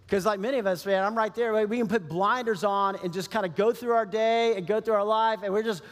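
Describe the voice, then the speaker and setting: Male pastor, emphatic sermon delivery with repeated phrases, high voice, long hall reverb. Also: fairly even intonation, quick pace, few pauses.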